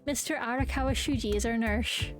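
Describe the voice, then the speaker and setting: A woman's voice: fairly high pitch, brisk, faint music behind, close to an everyday voice. A woman reading aloud the lines of a formal, polite male student council president from a game. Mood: formal welcome.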